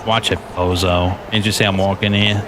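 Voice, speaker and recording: A man's voice: deep voice, flat delivery, normal speed, background noise, natural voice. A man putting on a blustering New York tough guy. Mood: mock-tough. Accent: New York, put on. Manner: mock-aggressive, blustering.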